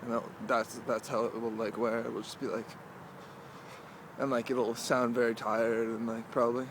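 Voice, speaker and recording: A young man in the middle of his voice range rambles to the camera while strolling outdoors. His talk is halting and loose, full of "like"s and half-finished thoughts, with a light wash of distant traffic behind him. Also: medium pitch, level tone. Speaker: vlogger. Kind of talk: casual walking vlog monologue. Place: outdoors, walking through a cemetery.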